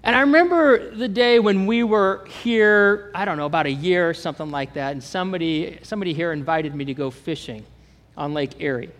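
A man from Kansas with a Kansas accent preaching a sermon as pastor, animated and asking the congregation questions. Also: sits high, fairly quick, long reverb tail.

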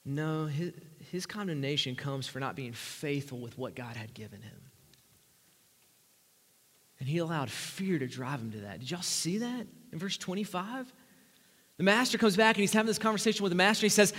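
A man preaching a sermon, emphatic, swinging from loud rising lines to quiet low asides. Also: expressive, moderate pace, long reverb tail.

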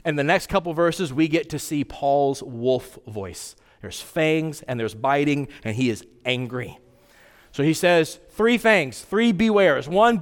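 A man preaching a sermon as pastor, conversational and animated, with sudden jumps in pitch. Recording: long hall reverb.

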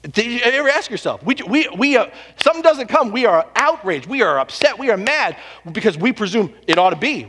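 A man preaching a sermon, pressing rhetorical questions and swinging between hushed, slow lines and loud, emphatic ones. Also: high voice, very animated, long reverb tail. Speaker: pastor.

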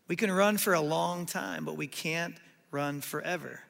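In a sanctuary, a pastor preaches a sermon at a measured pace, his high voice edged with gravel. He tells the story animatedly, acting out what people said, while long reverb trails behind him.

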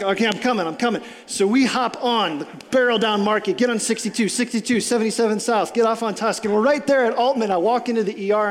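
A man preaching from the front of a church, telling a story in an animated, conversational way with lots of "like" and "I'm like". His voice sits unusually high for a man. It rings with the long reverb of a large hall. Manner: animated storytelling, casual filler words. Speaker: pastor. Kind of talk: sermon.

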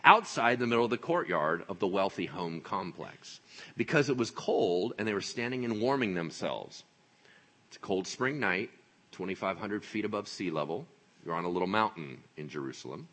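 Male pastor, husky and bright-toned, animated sermon delivery with playful asides. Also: low voice, moderate pace. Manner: animated, joking, acts out voices.

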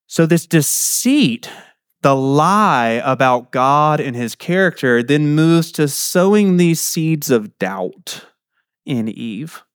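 A man's voice: medium pitch, animated, unhurried, no room sound, studio quality. A middle-aged man preaching a sermon in a conversational way, often asking his listeners questions. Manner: conversational, asks the audience questions.

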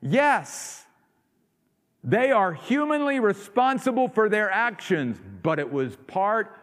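A man preaching a sermon, rising to loud emphatic peaks and dropping to quiet asides. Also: high voice, very animated, slow. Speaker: pastor. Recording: long hall reverb.

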